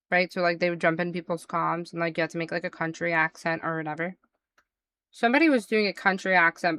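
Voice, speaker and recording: A woman live streamer telling gossipy stories to her chat in an animated, casual way. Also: lowish voice, clear, resonant tone, dry recording.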